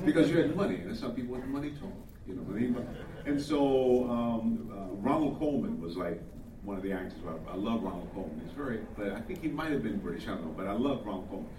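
A man's voice: lowish voice, expressive, fast talker, noisy background. Older man telling anecdotes, echoey hall. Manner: chatty, anecdotal, chuckles often. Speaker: actor. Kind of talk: panel Q&A storytelling. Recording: echoey room, distant mic, faint ambience.

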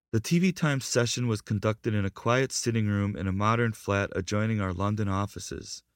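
Low-voiced man reading a narration. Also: no room sound, clean studio sound. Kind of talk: scripted documentary narration.

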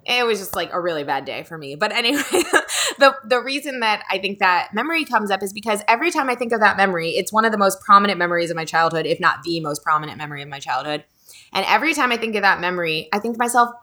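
A woman in her thirties tells a story on her podcast with a bright, forceful voice. She chats casually and slips into the voices of the people she quotes. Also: medium pitch, expressive, a little fast. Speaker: podcast host. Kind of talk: casual chat.

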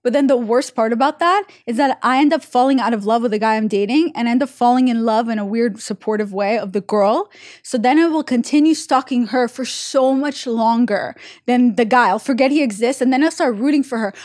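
A woman's voice: fairly high pitch, a little fast, darkish tone, no room sound, studio quality. A young woman with an Israeli accent hosting a podcast, telling rambling, self-mocking confessions in a candid way. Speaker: podcast host. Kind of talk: candid casual chat.

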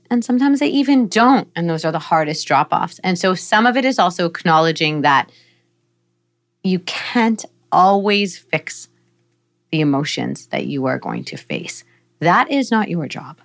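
At a measured pace and a fairly low pitch, a middle-aged woman psychologist explains parenting as a podcast guest. She's earnest and teacherly, and her examples come out playfully animated.

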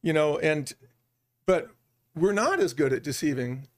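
A middle-aged man speaking as a business-leader guest on a podcast, an animated storyteller who acts out bits of quoted dialogue. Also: a little high, unhurried. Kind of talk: podcast interview.

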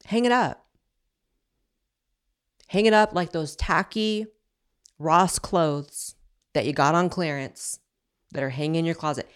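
A woman host delivering fired-up commentary in a fairly low voice, blunt and sarcastic throughout. She rants straight at her audience, with a faint clicking somewhere in the background. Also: unhurried, long pauses, clear, resonant tone. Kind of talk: opinionated commentary.

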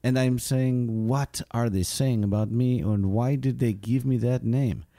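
A man playing an earnest, deadpan Lithuanian immigrant shuttle driver with a Lithuanian accent, in an improvised comedy bit. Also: mid-range voice, no echo, close to an everyday voice. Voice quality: earnest, deadpan, slightly halting.

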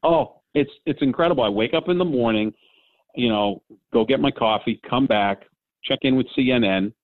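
Speaking at a moderate pace in a mid-range voice, this fifty-something podcast co-host rambles about sports from home in lockdown, full of fillers and false starts. There's no echo, though the line sounds tinny, like a phone.

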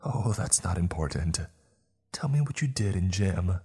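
A man voicing a cold, menacing young man who questions a captive in a slow low drawl. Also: animated, dark tone, slightly rough, heavily acted. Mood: coldly insistent.

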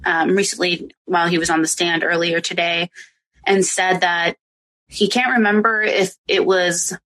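A woman's voice: lowish voice, steady tone, normal speed, a bit bright, poor audio. A woman hosting a live audio chat, giving casual, chatty commentary full of asides. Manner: chatty, many fillers and asides.

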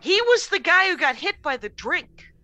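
Bright-voiced woman telling a wild story. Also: extremely high pitch, moderate pace, no room sound. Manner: animated, laughing storyteller with profanity. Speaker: comedian guest. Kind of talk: casual storytelling on a podcast.

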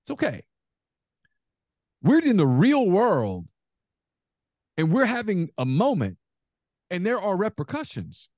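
A man on a podcast rants in heated casual talk, his pitch swinging widely up and down. He stumbles into repeated words as he gets worked up. The sound is close and dry, with no room around it. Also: huge pitch swings, takes it slowly, long pauses, darkish tone, dry recording. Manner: heated ranting with stammered repeats. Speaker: podcast co-host.

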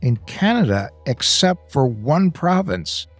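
A man co-hosting a podcast, explaining things in a measured, casual way. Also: medium pitch, very animated, husky, no room sound, soft background music. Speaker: podcast co-host. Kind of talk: casual chat.

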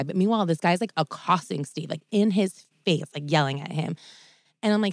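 A woman co-hosting a podcast, telling a story in an animated way with lots of "like" fillers. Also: on the low side, quick pace, no echo, studio quality. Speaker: podcast co-host. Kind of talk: casual chat, storytelling.

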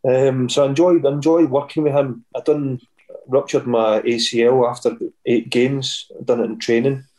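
On a rough recording, a middle-aged man with a Scottish accent, formerly a footballer, tells meandering stories on a podcast and acts out quoted voices. His voice is mid-range, steady, and a little mellow, and he speaks at a normal speed.

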